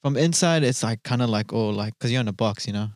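A man's voice: mid-range voice, quick pace, no room sound, studio quality. A young man with a New Zealand accent, a dancer guest on a podcast, rambling enthusiastically with lots of filler words. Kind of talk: casual podcast chat.

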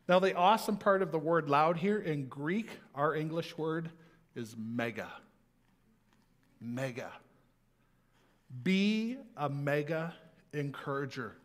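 Animated man preaching a sermon. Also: fairly high pitch. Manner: conversational, animated, slows for emphasis.

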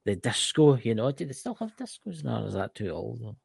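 A man's voice: medium pitch, very animated, brisk, vocal fry, darkish tone, husky, dry recording. A Scottish man co-hosting a podcast, chatting casually in a rambling, joking way. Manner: rambling, swearing, banter. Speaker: podcast co-host. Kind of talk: casual chat.

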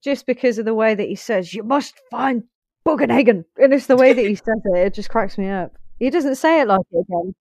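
A woman's voice: mid-range voice, expressive, fast, hardly any pauses, darkish tone. A woman co-hosting a film podcast, casual and playful chat with laughter. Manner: playful, laughs, does silly voices.

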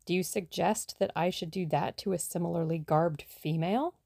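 A woman's voice: fairly low pitch, moderate pace, vocal fry, warm tone, no room sound. A woman voicing a dry-witted young man.

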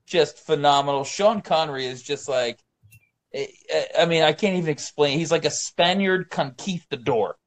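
A man's voice: fairly high pitch, moderate pace. A man co-hosting a casual movie podcast, enthusiastic, using slang like "dude" and "bro" and sports metaphors. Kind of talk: casual chat about movies.

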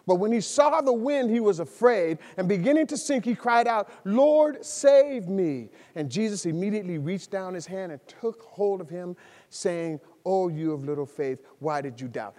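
A man preaching a sermon as pastor, swinging between soft storytelling and loud, excited delivery. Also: fairly high pitch, big-room sound. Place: church sanctuary.

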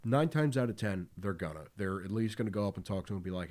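A man's voice: low-pitched, lively intonation, fast, a little mellow. A man hosting a podcast in casual talk, blunt and profane, with lots of fillers. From Philadelphia area. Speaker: podcast host.

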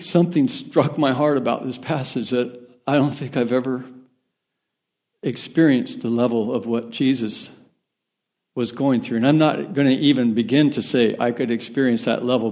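A man's voice: medium pitch, darkish tone. Earnest male preacher, lo-fi sound. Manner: earnest, rising to impassioned preaching. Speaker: pastor. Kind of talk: sermon.

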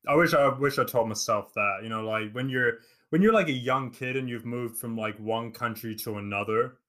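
A man's voice: medium pitch, moderate pace, a bit bright. A man in his twenties from England, raised in New Zealand, chatting casually as a podcast host over a remote call with many fillers. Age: 20s. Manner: rambling, lots of fillers and restarts. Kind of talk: casual chat.

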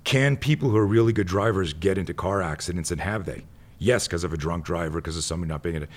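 Deep-voiced man telling rambling stories. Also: fast. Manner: rambling, goes off on tangents; acts out the people in his stories. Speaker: tactical instructor. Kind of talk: casual storytelling.

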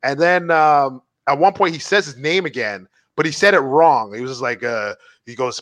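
This Montreal man's voice is a little high, his speed normal, and he barely pauses, with no room sound on the recording. Co-hosting a relaxed podcast, he retells comedy bits with heavy swearing and frequent restarts.

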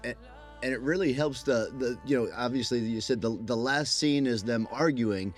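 A man joining a casual film commentary, who speaks in a thoughtful, measured way with hesitant fillers. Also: mid-range voice, faint music behind. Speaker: actor on a commentary track.

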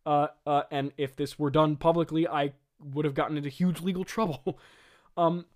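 A man comically retelling and mocking an old script he wrote, with laughing asides. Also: normal speed. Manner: mocking, laughing asides, lively pitch swings. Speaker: host.

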